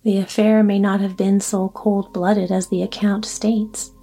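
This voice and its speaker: Woman reading a calm, courteous stranger. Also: medium pitch, slightly rough. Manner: polite, measured, reassuring. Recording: soft music underneath.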